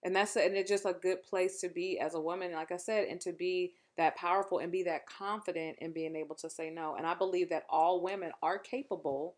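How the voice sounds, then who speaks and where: A woman's voice: fairly low pitch, steady tone, brisk, few pauses, darkish tone. A woman hosting a casual interview, affirming and encouraging her guest. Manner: affirming, encouraging, frequent agreement. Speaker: host.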